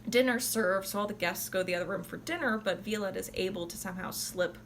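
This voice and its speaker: A woman's voice: medium pitch, fast talker, a bit bright, slight background noise. A tipsy woman casually retelling an opera plot in a loose, profane way, full of "like". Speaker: opera reviewer.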